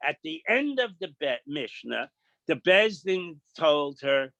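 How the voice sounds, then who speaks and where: A middle-aged man teaching a daily Talmud page, reading Aramaic slowly, then explaining it in casual with quips and asides. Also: fairly high pitch, sing-song, a bit bright, no room sound. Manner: plain-spoken, quips and asides. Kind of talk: daf yomi Talmud lesson.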